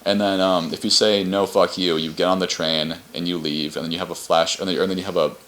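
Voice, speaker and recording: A man's voice: deep voice, steady tone, fast talker, a bit bright. A young man co-hosting a podcast, recapping a game's story in casual, rambling chat with lots of restarts and loose swearing. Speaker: podcast co-host.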